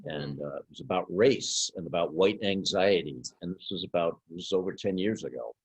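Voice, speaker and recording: A man, a puppeteer guest, talking in a halting, rambling way in a casual chat. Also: deep voice, slightly rough. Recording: dry, dull lo-fi audio.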